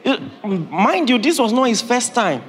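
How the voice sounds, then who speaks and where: A pastor, his voice pitched high for a man, delivers a lively, joking sermon and laughs as he goes. He sounds like he is in a hall with a long echo. A faint background hum sits under him. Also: a little slow. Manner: humorous, animated preaching with laughter.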